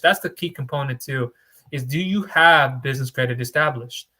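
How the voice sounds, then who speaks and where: Bright-voiced blunt male funding broker. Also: mid-range voice. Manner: blunt, lecturing tough-love delivery with rhetorical questions. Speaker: small business funding broker. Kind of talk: direct-to-camera advice talk.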